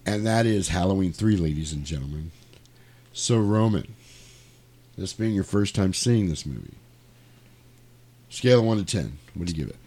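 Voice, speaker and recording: A man's voice: low voice, expressive, normal speed, long pauses, dark tone, breathy edge. A man hosting a casual podcast in a home studio, retelling a movie plot animatedly with sound effects and quoted lines. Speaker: podcast host. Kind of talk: casual movie recap chat.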